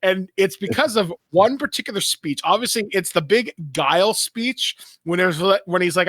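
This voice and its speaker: High-voiced animated Canadian man. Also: moderate pace, hardly any pauses, no echo, clean studio sound. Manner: animated, swearing storyteller. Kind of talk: casual chat.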